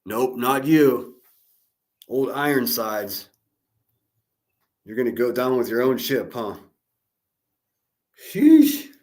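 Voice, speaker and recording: A man's voice: mid-range voice, very animated, slow, long pauses, a little mellow. A man commenting live on a clip for his stream, talking with his chat in a heated, sarcastic, profane way.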